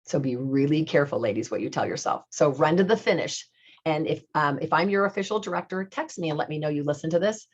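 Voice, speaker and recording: A middle-aged woman with a low voice gives her sales team an upbeat coaching talk and presses her points by repeating them. The recording sounds dull and lo-fi. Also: fast talker, breathy edge. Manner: upbeat and coaching, repeats key phrases for emphasis.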